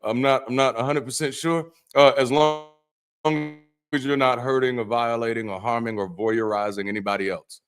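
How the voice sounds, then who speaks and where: A man's voice: medium pitch, steady tone, moderate pace. A man, an ex-pastor, hosting a Bible study livestream as a loose casual chat, joking and cursing, with frequent repeats and restarts. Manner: loose, profane, joking asides; repeats words and restarts often.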